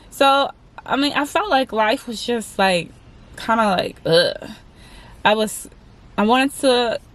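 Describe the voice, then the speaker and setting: A woman in her twenties telling a candid personal story to her viewers, chatty and halting, often calling them "y'all". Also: on the high side, fairly bright tone. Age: 20s. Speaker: vlogger.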